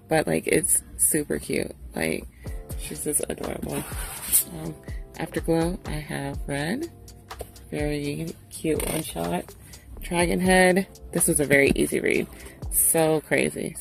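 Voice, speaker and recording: Low raspy lady just chatting casually, curses a lot, music playing under it. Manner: casual, swears freely. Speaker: vlogger. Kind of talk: casual chat. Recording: music playing behind her voice.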